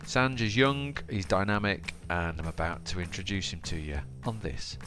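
A man hosting a podcast, chatty and animated, telling a story off the top of his head. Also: deep voice, normal speed, music in the background. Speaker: podcast host. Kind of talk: casual podcast talk and storytelling.

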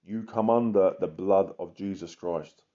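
A man's voice: deep voice, measured pace, mellow. A man, an evangelist giving an impassioned sermon full of emphatic repetition. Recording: muffled lo-fi recording.

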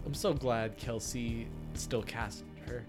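A man's voice: medium pitch, fairly even intonation, slow pace, faint music behind. A man co-hosting a podcast in casual chat, talking in a laid-back, rambling way and swearing freely. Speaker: podcast co-host.

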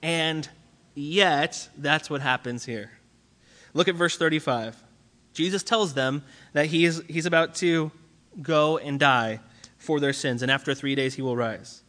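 A man preaching a sermon in a relaxed, conversational way, full of fillers and restarts. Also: on the high side, unhurried. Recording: long hall reverb.

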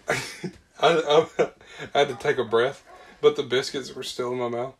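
A man's voice: medium pitch, measured pace. Profane laughing young man. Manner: profane, laughing, animated storyteller. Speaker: podcast co-host. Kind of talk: casual storytelling chat.

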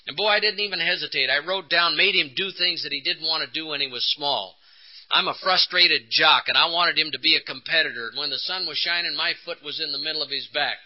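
A man's voice: on the high side, fairly quick. Older man, earnest testimony. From Texas, USA. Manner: earnest, emotional, acts out the dialogue. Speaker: conference speaker. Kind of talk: recovery testimony storytelling. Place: conference hall. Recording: dull lo-fi 1980s conference tape.

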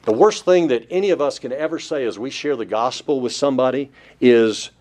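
A man's voice: medium pitch, animated, normal speed, few pauses. A man preaching a Bible-study sermon, emphatic, with rhetorical questions put to listeners. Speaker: pastor.

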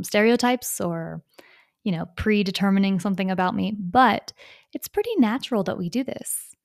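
Woman teaching English, calm and explanatory. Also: medium pitch. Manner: clear, explanatory, repeats points for learners. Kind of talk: video lesson for English learners.

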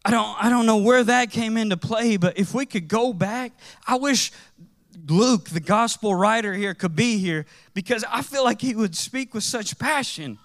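A man preaching a sermon in a conversational, animated way, with casual slang as he tells stories. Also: extremely high pitch.

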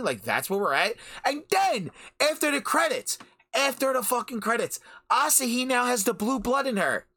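A man's voice: very high voice, big pitch swings, normal speed, sharp tone. A man hosting a podcast, ranting about anime in a heated, profane way and repeating phrases for emphasis. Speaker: podcast host. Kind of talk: anime review rant. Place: home recording during a storm.

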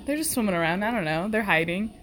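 A young woman co-hosting a casual movie reaction chat, excitable and quick to shriek and laugh. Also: mid-range voice, soft background music. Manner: excitable, shrieks and laughs often at scary scenes. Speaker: co-host of a movie reaction video.

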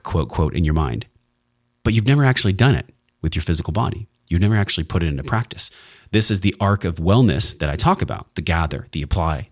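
A man's voice: low-pitched, no echo, clean studio sound. A man hosting a wellness podcast, speaking in an earnest, heartfelt monologue with emphatic, sometimes profane emphasis. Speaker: podcast host.

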